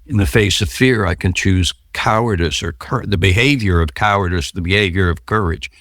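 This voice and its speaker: A man's voice: low-pitched, moderate pace, a bit bright, dry recording, studio quality. A man being interviewed about his recovery, telling stories and acting out the voices of the people in them. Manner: storytelling, acts out quoted voices. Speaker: podcast guest.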